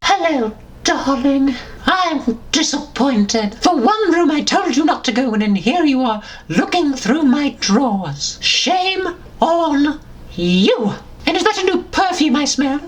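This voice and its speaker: Dobby, a shrill unhinged house elf. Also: male voice, very animated, slow, full character voice, rough recording. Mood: sinister. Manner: high, shrill, third-person rants. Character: squeaky male house elf, unhinged and gleeful. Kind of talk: comedic character voice.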